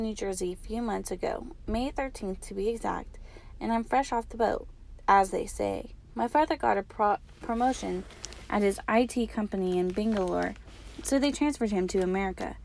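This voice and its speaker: A woman teacher reading the first chapter of a children's novel aloud, in a calm, measured way. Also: mid-range voice, creaky.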